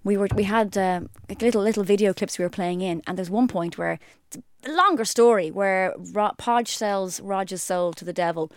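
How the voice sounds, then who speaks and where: A woman's voice: medium pitch, normal speed, dry recording, clean studio sound. A woman co-hosting a podcast, chatting casually and telling stories with lots of laughter. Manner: lively storytelling, laughs often. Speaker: podcast co-host. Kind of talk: casual chat.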